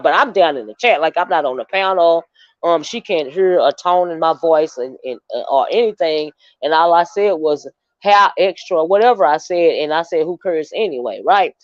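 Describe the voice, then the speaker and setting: A woman's voice: fairly low pitch, expressive, normal speed, no echo. Rambling woman livestreamer, dull dry audio. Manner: rambling, chatty storytelling to viewers. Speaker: livestream host. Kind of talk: casual livestream commentary.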